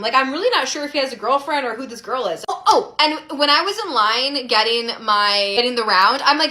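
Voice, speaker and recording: A woman in her twenties telling a casual storytime, chatty and animated, full of "like". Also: sits high, a little fast. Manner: chatty and animated, heavy use of "like". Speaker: storyteller in a clip.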